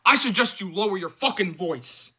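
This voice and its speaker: A man voicing an angry young man, drunk, cursing, shouting, high, bright voice. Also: expressive, normal speed, slightly rough, heavily acted.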